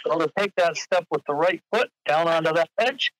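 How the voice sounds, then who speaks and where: Older man, bright and dry. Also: fairly high pitch, expressive, no echo, rough recording. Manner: step-by-step, deliberate retelling. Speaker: guest, father in the story. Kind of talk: casual podcast storytelling.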